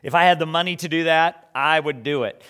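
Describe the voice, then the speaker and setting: Man, preacher, sermon, rhetorical questions, frequent restarts, slightly higher pitch. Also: brisk, fairly bright tone, clear, resonant tone.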